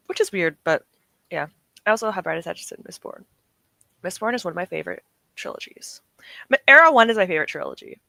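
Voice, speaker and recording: A woman's voice: on the low side, creaky, sharp tone, no echo. A young woman from the UK chatting casually with her stream chat, rambling, laughing often and correcting herself. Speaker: streamer reading chat comments.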